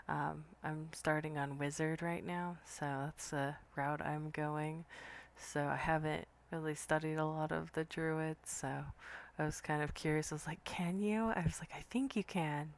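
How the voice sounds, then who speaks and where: A woman's voice: deep voice, vocal fry. A woman hosting a podcast interview, chatty and casual, with lots of "like" and "kind of". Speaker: podcast host.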